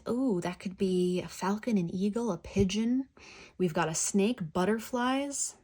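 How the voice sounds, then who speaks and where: A woman giving a pick-a-card tarot reading, talking in a gentle, effusive, spiritual way. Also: mid-range voice.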